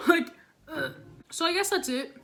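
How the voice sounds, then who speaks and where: A woman's voice: very high-pitched, slow pace, vocal fry, faint music behind. A teenage girl telling a storytime vlog, ranting with heavy profanity and constant "like" fillers, recorded on a camera or phone mic. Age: teens. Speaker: vlogger.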